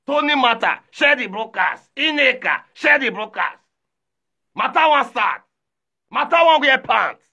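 A man with a Nigerian Pidgin accent runs a livestream rant in a high, bright, forceful voice. He taunts his rivals, calls out names and greets viewers one after another. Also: expressive, a little slow, gravelly, slightly rough, highs cut off. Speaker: livestream host.

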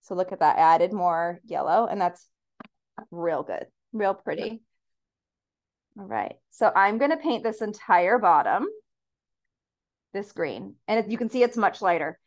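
A woman's voice: medium pitch, animated, unhurried, long pauses. A woman leading a paint-and-sip class, giving upbeat, encouraging step-by-step instructions as she paints.

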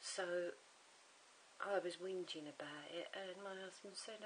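A woman's voice: fairly low pitch, fairly even intonation, a little slow, rough recording. A middle-aged woman, chatting and rambling through a home crafting tutorial, muttering to herself as she works. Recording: home camera recording with faint hiss.

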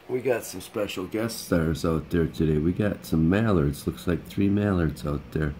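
A man's voice: low-pitched, measured pace, warm tone, slight background noise, rough recording. A man hosting a casual vlog, chatting in a rambling, upbeat way with a bit of pep talk. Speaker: vlog host.

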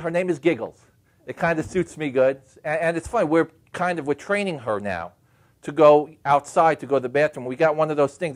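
A man with a high, swooping voice does stand-up on a stage mic. He tells comic stories about home life in an animated way, acting out the other people and shouting their lines. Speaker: stand-up comedian. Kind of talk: stand-up comedy storytelling.

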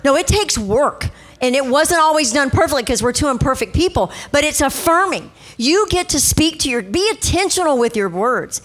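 Emphatic high-voiced woman preaching. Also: expressive. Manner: emphatic, repeats key phrases slowly. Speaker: pastor. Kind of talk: sermon.

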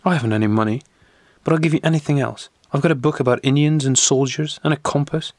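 A man's voice: fairly high pitch, quick pace, darkish tone, no room sound, voice pushed up. A man voicing a frightened pleading schoolboy. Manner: anxious, pleading, nervous. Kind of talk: audiobook reading.

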